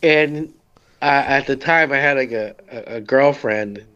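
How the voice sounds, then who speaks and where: A podcast guest from Socorro in the US Southwest tells a rambling story in casual conversation, using "like" constantly, swearing freely, and acting out the quotes. His mid-range voice is unhurried, smooth, and sharp in tone, heard through lo-fi sound.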